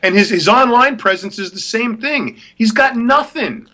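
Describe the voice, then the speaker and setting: Blunt, scornful man with a bright voice. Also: very high voice, animated, normal speed. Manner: blunt, scornful, repeats himself for emphasis. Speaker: podcast co-host. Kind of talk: opinionated rant.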